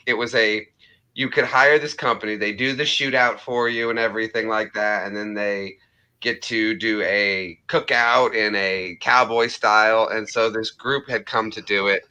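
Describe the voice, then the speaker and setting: Male live chat host, lowish, bright and forceful, loose joking delivery. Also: steady tone, moderate pace, clear, resonant tone. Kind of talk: casual chat.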